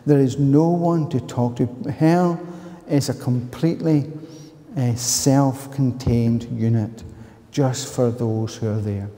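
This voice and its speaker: Glaswegian man preaching in a reverberant church. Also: slow pace. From Scotland. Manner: animated storytelling, bursts into loud higher-pitched retorts. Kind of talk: sermon with personal story. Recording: long reverb of a church hall.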